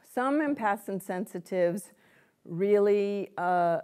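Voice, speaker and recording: Chatty, animated woman lecturing a live audience. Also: mid-range voice, slow, smooth. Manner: chatty and animated, laughing often, speaking directly to listeners. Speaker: lecturer and psychic medium.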